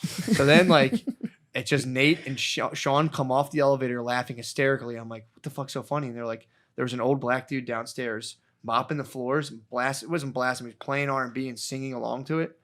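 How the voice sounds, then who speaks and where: A man's voice: medium pitch, steady tone, a little fast, fairly bright tone. A man hosting a podcast, telling a rambling, profane story and laughing as he goes. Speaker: podcast host. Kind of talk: casual storytelling chat.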